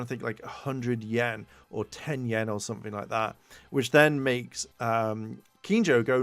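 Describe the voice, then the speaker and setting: A man of ordinary pitch recaps an episode in a loose, rambling way, piling on fillers and slipping into quick impressions of the characters. His voice sits close and dry, with no room sound around it. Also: no echo. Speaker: podcast co-host reviewing a tokusatsu episode. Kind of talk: casual recap.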